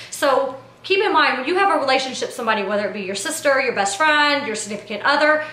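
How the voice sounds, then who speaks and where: A woman telling a behind-the-scenes story to camera in a casual recap, talking in an animated, indignant way full of slang like "yo" and "like". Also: fairly high pitch. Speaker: reality TV personality and producer. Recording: echoey room.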